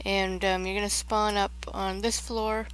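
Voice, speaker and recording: A woman's voice: medium pitch, little pitch movement, a little slow, a bit bright, rough recording. A woman chatting casually on a game livestream, rambling and trailing off as she gives a tour of a build. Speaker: Minecraft livestreamer.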